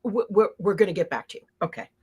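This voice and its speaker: A woman's voice: medium pitch, expressive, fast, breathy edge. Stammering playful woman host. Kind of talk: improvised comedy banter.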